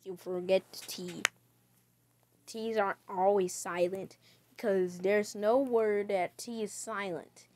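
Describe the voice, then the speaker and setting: A woman streamer giving chatty commentary on a game as she plays, breaking into sudden loud, excited outbursts. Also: medium pitch, takes it slowly, a little hiss or hum. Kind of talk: gaming livestream commentary.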